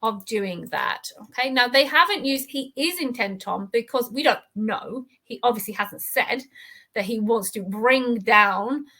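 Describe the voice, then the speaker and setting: A woman's voice: fairly high pitch, lively intonation, a little slow, pushed and bright. A woman teaching an English reading lesson, reading an article aloud and then patiently explaining its words and grammar.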